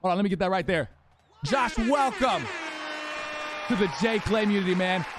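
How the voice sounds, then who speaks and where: A young man livestreaming a football video game, casually chatting with viewers, shouting them out and teasing them. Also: high-pitched, steady tone, racing. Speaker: live streamer playing a football video game. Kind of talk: casual livestream chat, reading chat aloud. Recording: home stream with game crowd noise. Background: game stadium crowd and commentary.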